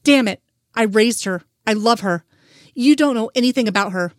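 A woman's voice: mid-range voice, a little fast, no room sound, close to an everyday voice. Woman narrator doing a resentful dad, cold and blaming, dry close recording. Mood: cold, angry. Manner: cold and accusing. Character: bitter, angry father.

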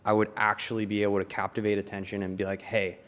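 A young man from Maryland, a tailor and guest, telling animated stories in casual chat, swearing and laughing often. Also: lowish voice, racing.

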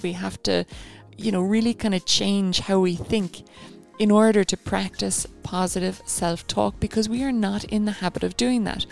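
A woman's voice: mid-range voice, gravelly. A woman coaching a guided running session, chatty and encouraging, given to rambling asides.

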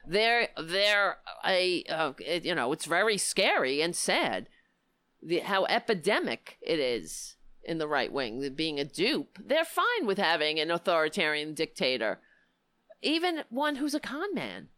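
Woman, talk show host, hoarse, indignant political rant, very lively pitch, dry close sound. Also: measured pace, no room sound. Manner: impassioned, indignant, rising to near-shouting. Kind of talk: opinionated political commentary.

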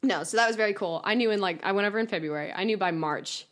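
An American woman in her twenties chatting casually, telling stories in an animated way and acting out the voices of people she quotes. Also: mid-range voice, fast. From United States. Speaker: guest recounting study abroad. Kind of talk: casual chat.

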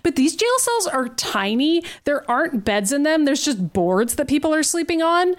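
Young woman co-host, high, animated pitch, incredulous casual recap. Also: moderate pace. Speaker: podcast co-host. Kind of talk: casual episode recap chat.

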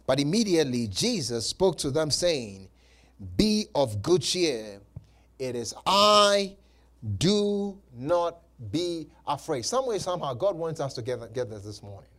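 Lively, animated male pastor preaching. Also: a little high, a little slow. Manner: preaching with call-and-response, repeats phrases, laughs between points. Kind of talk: sermon. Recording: live church service.

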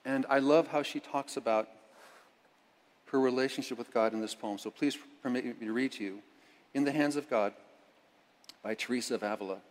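A middle-aged man preaching a sermon as a pastor, moving between hushed reading and loud, emphatic lines. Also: medium pitch, a little fast, pauses often. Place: church sanctuary. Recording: church sanctuary with long reverb.

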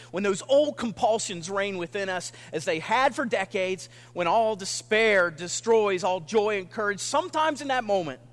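A man preaching a sermon with earnest, dramatic pauses, sometimes dropping almost to a whisper. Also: sits high, fairly bright tone, long reverb tail. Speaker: pastor.

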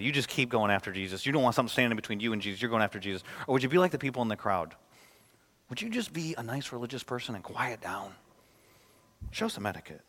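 A man preaching a sermon as a pastor, swinging between loud, emphatic lines and hushed, quiet ones. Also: mid-range voice. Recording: reverberant hall.

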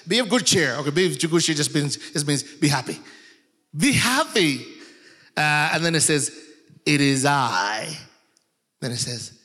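A man preaching a sermon, telling the story in an animated way with acted quotes. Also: mid-range voice, big-room sound. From Uganda. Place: church.

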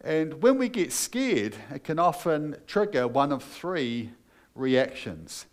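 A man's voice: fairly high pitch, very animated, takes it slowly. A man preaching a sermon as pastor, earnest and emphatic, putting questions to his listeners.

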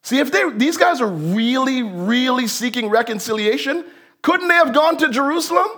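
A man's voice: very high voice, lively intonation, moderate pace, bright, forceful tone. A man preaching a sermon as pastor, in a conversational way that acts out the voices in the text.

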